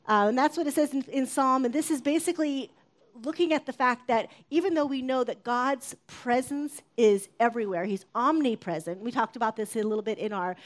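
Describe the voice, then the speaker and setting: A woman with a fairly high voice preaches in a chatty, conversational way. She talks her listeners through a sermon like a friend sharing stories, now and then raising her voice to act out a shouted line. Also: fairly quick. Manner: conversational, acts out shouted quotes.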